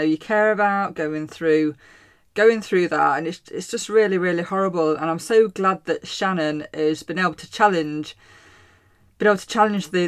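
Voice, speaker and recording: A woman hosting a podcast, encouraging her guest with frequent restarts. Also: on the low side. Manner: warm, encouraging, hesitant restarts. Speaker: podcast host. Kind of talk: interview chat.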